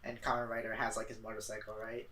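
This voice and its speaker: A man co-hosting a casual film podcast, explaining points with relaxed asides. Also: fairly low pitch, fast talker. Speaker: podcast co-host. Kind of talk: casual chat. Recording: roomy, distant mic with crosstalk.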